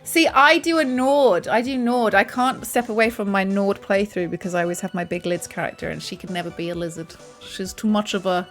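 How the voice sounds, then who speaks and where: A woman streamer chatting casually and thanking viewers, with quick apologetic asides. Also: medium pitch, faint music behind. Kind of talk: casual game stream chat.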